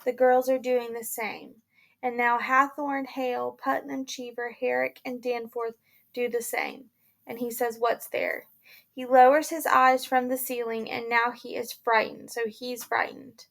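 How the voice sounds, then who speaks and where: A woman teacher talks students through a play in a casual, chatty way. Her voice sits a bit high with a noticeable gravelly fry. She recaps the scene loosely, with plenty of conversational fillers. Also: little pitch movement, unhurried, a bit bright. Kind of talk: explaining a play between readings.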